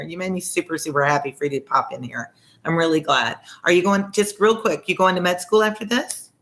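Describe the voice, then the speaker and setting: Low-voiced woman reading a classic aloud. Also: animated, brisk. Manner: chatty, warm-hearted asides, easily sidetracked. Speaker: former teacher reading books aloud. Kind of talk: casual read-aloud with asides.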